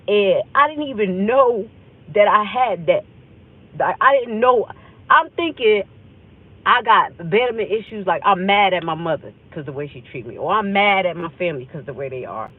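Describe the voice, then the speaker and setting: A woman's voice: medium pitch, expressive, normal speed. A woman host telling an emotional personal story on a livestream, rambling and acting out the conversations she remembers. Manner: intense, rambling, acts out remembered dialogue. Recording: tinny phone-like audio.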